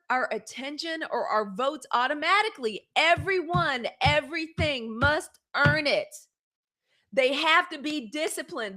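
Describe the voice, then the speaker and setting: Woman in her forties, livestream host, candid, emphatic, greets viewers by name, fairly high voice. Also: sharp tone. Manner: candid, emphatic, talks straight to her audience, swears then apologizes; greets viewers by name and thanks them for gifts. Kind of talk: solo livestream commentary.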